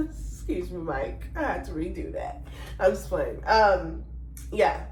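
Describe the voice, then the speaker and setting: A woman's voice: fairly low pitch, lively intonation, measured pace, darkish tone, roomy sound, far from the mic, slight background noise, rough recording. A woman giving a casual spiritual tarot reading in a chatty, rambling way, now and then breaking into sung exclamations. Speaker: tarot reader.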